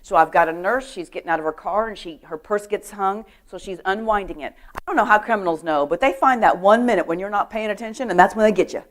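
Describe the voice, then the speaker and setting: Lively woman telling safety stories. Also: medium pitch, quick pace, few pauses. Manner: lively storytelling, acts out quotes, asks the audience questions. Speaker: guest speaker on personal safety. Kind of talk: animated talk to a women's church group.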